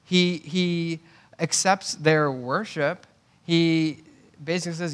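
Slow and slightly bright, this man's voice sits a little high as he preaches. The pastor keeps the sermon conversational, adding asides, repeating words as he starts over, and checking in with "right?"

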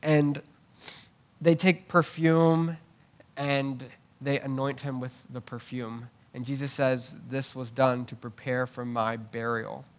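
A man's voice: medium pitch, steady tone, slow. A man preaching a conversational sermon, often repeating words as he restarts and checking in with "right?". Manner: conversational preaching with asides and tag questions. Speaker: pastor.

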